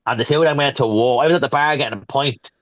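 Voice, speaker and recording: A man co-hosting a casual wrestling podcast, telling stories in a rapid rush. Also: mid-range voice, a bit bright, dry recording, dull audio. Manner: rapid storyteller, acts out quotes. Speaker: podcast co-host. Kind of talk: casual chat.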